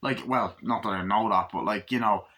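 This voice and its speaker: A man's voice: lowish voice, normal speed, pushed and bright. A young man casually reviewing a movie, rambling, swearing often and acting out the scenes he describes. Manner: profane, rambling, acts out scenes.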